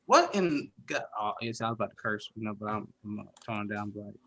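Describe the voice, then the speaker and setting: A man in a casual chat, animated and jokey, acting out how he would react. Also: lowish voice, quick pace, vocal fry, low-quality recording.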